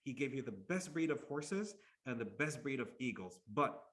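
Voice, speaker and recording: A man voicing a wise, experienced adult male minister who calmly explains with emphasis. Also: medium pitch, moderate pace, lightly acted. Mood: explaining.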